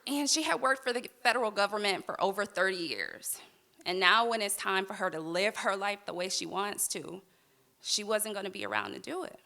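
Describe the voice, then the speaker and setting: A woman tells a personal story on a live stage, heartfelt and candid. Her voice is bright and clear, set at an ordinary middle pitch for a woman. Wry humor runs through her telling. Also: moderate pace.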